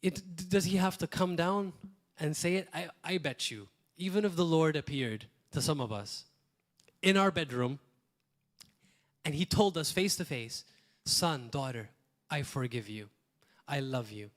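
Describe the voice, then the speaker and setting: A man's voice: fairly high pitch, normal speed. A male pastor, preaching a sermon in a conversational way, with repeated phrases and short asides. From Malta.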